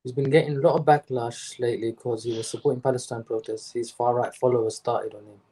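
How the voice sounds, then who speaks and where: A man's voice: medium pitch, fairly even intonation, quick pace, dark tone, breathy edge, rough recording. Brief: male stream guest, casual, hesitant questioner. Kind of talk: casual chat.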